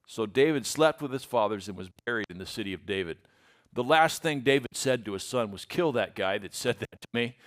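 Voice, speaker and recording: A man's voice: medium pitch, lively intonation, fairly quick. A man giving a conversational Bible lesson. He retells scripture in a folksy, everyday way and reads old-style verses aloud. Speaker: Bible teacher.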